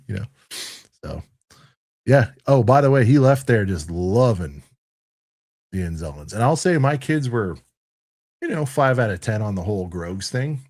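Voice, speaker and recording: A man's voice: fairly low pitch, expressive, moderate pace, long pauses, a little mellow. A man in his thirties on a review panel, chatting casually and rambling, with lots of "dude" and "like". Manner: rambling and laid-back, full of "dude" and "like". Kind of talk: casual chat.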